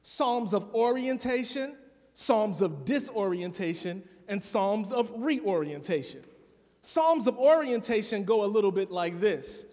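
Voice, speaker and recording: Earnest, chatty guest preacher, male, higher register, church reverb. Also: animated, measured pace. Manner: earnest, conversational with filler words. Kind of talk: sermon. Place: church sanctuary. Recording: long reverb of a church hall.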